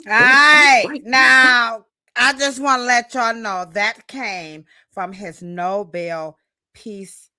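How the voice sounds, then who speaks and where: A woman's voice: a little high, slow, dry recording, studio quality. A woman hosting a live podcast in a casual, playful way. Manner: lively, playful, breaks into song. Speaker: podcast host. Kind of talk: casual live-stream chat.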